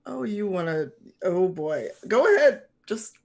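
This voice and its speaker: A woman narrating a tabletop game as game master, relaxed and chatty, quick to laugh. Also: on the low side, creaky.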